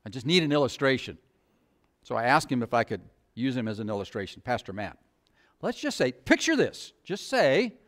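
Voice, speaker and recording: A man's voice: medium pitch, fairly bright tone. A middle-aged male pastor preaching a sermon, asking the congregation rhetorical questions in a conversational way.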